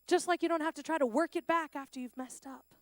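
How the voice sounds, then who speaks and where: A woman giving a lively sermon at a school chapel, acting out the lines of the story's characters. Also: high voice, fast, no echo, studio quality. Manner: animated, plays out the characters' lines. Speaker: chapel speaker.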